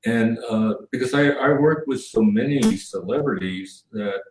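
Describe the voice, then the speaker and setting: A man who was a television cameraman, talking as an interview guest in a soft, hesitant way with many pauses and fillers. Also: on the low side. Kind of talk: casual interview chat. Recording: echoey room, a bit far from the mic, faint background noise.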